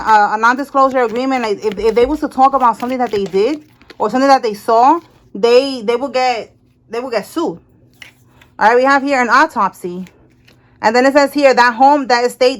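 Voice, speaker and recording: A woman giving a casual tarot reading, animated, talking to the cards and to Spirit and repeating herself. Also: fairly high pitch. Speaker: tarot reader.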